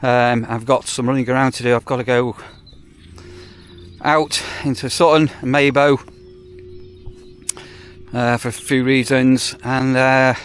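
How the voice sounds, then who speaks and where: A man's voice: mid-range voice, level tone, unhurried, long pauses, a bit bright, slight background noise. A man, a campsite warden chatting casually in a rambling vlog with wry asides. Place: on the move, outdoors and in a car.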